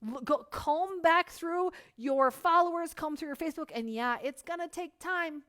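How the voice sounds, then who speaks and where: A woman giving a lively motivational business coaching talk, full of "like" fillers and acted-out examples. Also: extremely high pitch, moderate pace. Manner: energetic, acts out hyped voices, many "like" fillers.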